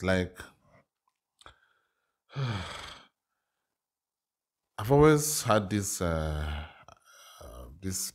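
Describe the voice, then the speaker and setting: A man's voice: deep voice, sing-song, drawn-out words, pauses often. A man from Africa reacting to a documentary in casual commentary, candid and chatty with frequent restarts and exclamations. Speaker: reaction video host.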